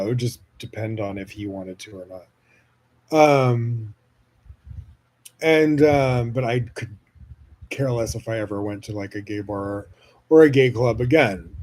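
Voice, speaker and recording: An American man hosting a podcast, telling a personal story in a rambling, gushing way, swearing often, laughing, and swinging from loud to soft. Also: on the low side. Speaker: podcast host. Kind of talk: casual personal storytelling monologue.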